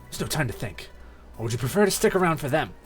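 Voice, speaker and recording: A streamer voicing a gruff lizard outlaw who talks in a curt, dismissive way, reading game dialogue aloud. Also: medium pitch, big pitch swings, fast, faint music behind, pitched above the performer's own voice, lightly acted.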